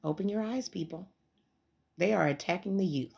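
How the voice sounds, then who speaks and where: A woman in her thirties, a parent, giving an impassioned, emphatic rant to camera, rising to near shouting. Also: lowish voice, normal speed, vocal fry, pauses often.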